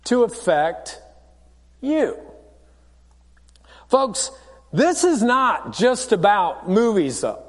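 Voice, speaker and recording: Man, pastor, sermon, joking and direct, long church reverb. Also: high-pitched. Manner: storytelling, joking, direct to the congregation.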